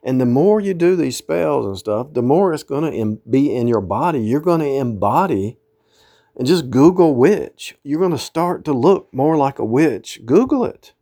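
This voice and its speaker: A man's voice: mid-range voice, animated, moderate pace, mellow. A man giving an informal sermon, quoting scripture in old-fashioned wording and scolding his listeners, with emphatic outbursts. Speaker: preacher.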